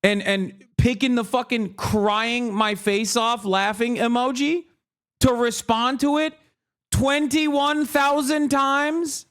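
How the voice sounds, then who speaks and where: A man live streaming, reacting to the news in an animated, profane, sarcastic rant with mocking impressions. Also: extremely high pitch, unhurried, clean tone. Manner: mocking impressions of other people.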